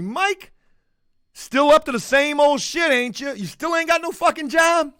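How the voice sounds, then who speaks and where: A man's voice: extremely high pitch, lively intonation, a little fast, sharp tone, no room sound, studio quality. A man telling a story to camera as a profane, mocking rant. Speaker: vlogger.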